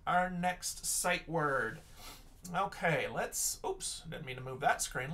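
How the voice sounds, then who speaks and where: A man's voice: on the high side, bright, forceful tone, recorded from a distance. A male teacher giving an online lesson for young children, patient and encouraging, sounding out words letter by letter.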